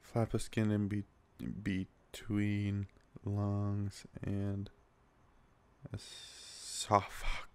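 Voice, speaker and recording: A man's voice: fairly low pitch, monotone, very slow, warm tone, clear, resonant tone. A young man hosting a casual solo podcast, talking in a rambling, self-deprecating way full of fillers and restarts, recorded on a small handheld recorder. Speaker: podcast host.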